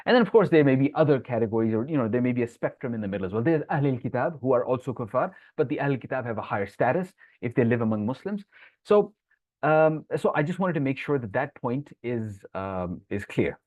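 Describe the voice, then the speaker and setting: An Islamic teacher leads a live online Quran lesson, explaining each point and replying to viewers' chat comments. Between English explanations he quickly recites Arabic verses, his mid-range voice lively in intonation. The sound is tinny, phone-like and dry, with no room sound.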